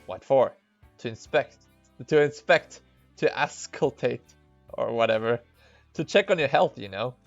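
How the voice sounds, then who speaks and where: A man voicing a blunt middle-aged female school nurse who gives curt orders in an even tone. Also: medium pitch, measured pace, gravelly, pauses often, highs cut off, faint music behind.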